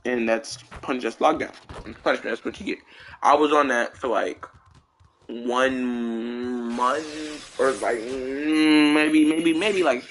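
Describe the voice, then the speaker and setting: A man's voice: mid-range voice, takes it slowly, a bit bright, a little hiss or hum. A man streaming a game who tells a childhood story in a rambling, slangy way, full of fillers and restarts. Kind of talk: casual storytelling while gaming.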